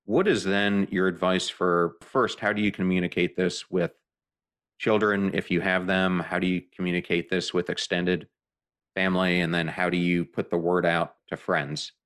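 A man hosting a podcast interview, asking earnest, deliberate questions. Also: low voice, level tone, a bit bright. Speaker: podcast host.

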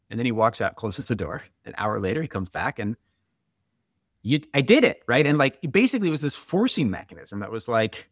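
A man in his forties, appearing as a guest and author, tells stories candidly in conversation, using lots of "like" and "right?". His lowish voice swings widely in pitch and runs a little fast, in a dry, clean studio recording.

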